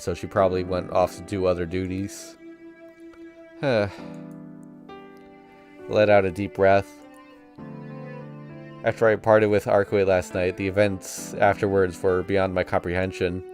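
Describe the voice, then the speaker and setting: Deep-voiced man reading a visual novel. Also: flat delivery, normal speed, pauses often, over music. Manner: casual first-person narration that voices sound effects playfully.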